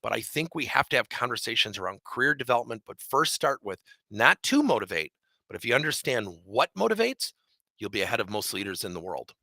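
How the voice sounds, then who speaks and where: A man leading a leadership training session, telling a coaching story with animated, acted-out dialogue. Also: mid-range voice, brisk, creaky, no room sound.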